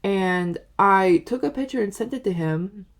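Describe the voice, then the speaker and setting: A woman's voice: mid-range voice, measured pace. A woman in her twenties telling a dating story in a rambling, casual way, with lots of "like" and "you know". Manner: animated, acts out quoted lines. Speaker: vlogger.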